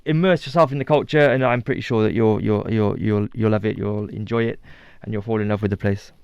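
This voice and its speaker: A man's voice: fairly low pitch, fairly even intonation, fairly quick, vocal fry, darkish tone, clear, resonant tone, dry recording, lo-fi sound. A man in his thirties from the UK, a TV host talking casually as a radio guest, chatty with lots of fillers and restarts. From United Kingdom.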